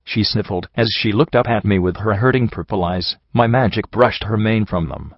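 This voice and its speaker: Man narrating fan fiction, low voice, dull muffled sound, dry. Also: no room sound. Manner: steady, measured first-person narration. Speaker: audiobook reader. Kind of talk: storybook narration.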